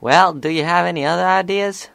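A man's voice: high-pitched, a little fast, creaky, a bit bright, dry recording, pitched above the performer's own voice, exaggerated voice. A man voicing an eager, chatty young filly pony.

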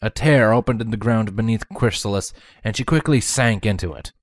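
A woman's voice: very deep voice, moderate pace, no echo. A woman narrating a fan-fiction story aloud, reading expressively and voicing every character.

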